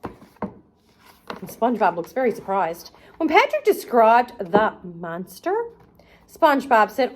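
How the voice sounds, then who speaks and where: A woman's voice: on the high side, very animated, slow pace, pauses often. A woman hosting a children's arts and crafts show, reading a storybook aloud in a playful, sing-song way and talking to the kids directly.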